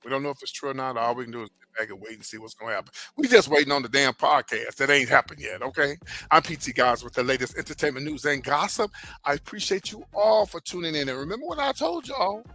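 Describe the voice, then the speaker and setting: A man hosts a celebrity gossip channel's entertainment show, chatting casually and animatedly with viewers and calling them baby and child. His mid-range voice is pushed and bright, and his pace is quick.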